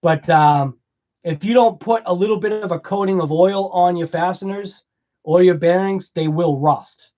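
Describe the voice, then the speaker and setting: A man's voice: high voice, moderate pace, dull audio. A man with a Boston accent hosting a casual livestream, chatting with viewers, laughing often and rambling through explanations. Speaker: livestream host.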